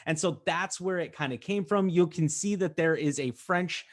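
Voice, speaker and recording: A man's voice: fairly high pitch, normal speed. A man in his thirties from the United States, hosting a casual training webinar in a chatty, upbeat way with fillers and asides. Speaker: host.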